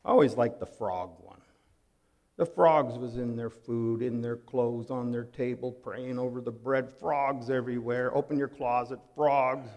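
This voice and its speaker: A pastor preaching a sermon, dramatic and full of rhetorical questions, swinging from hushed to loud. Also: male voice, mid-range voice, fairly even intonation, unhurried. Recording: long hall reverb.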